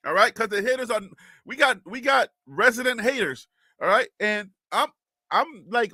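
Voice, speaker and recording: This high-voiced host, from North Carolina in the American South, runs a laid-back live sports stream, his tone bright and forceful. Talking right to his chat, he's lively, laughs frequently, and says things more than once. He speaks at a normal speed, and the audio is close and dry.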